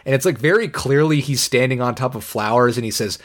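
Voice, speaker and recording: A man's voice: medium pitch, expressive, normal speed, few pauses. A man co-hosting a podcast in casual conversation, rambling with many fillers and the odd swear word. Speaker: podcast co-host reviewing an anime.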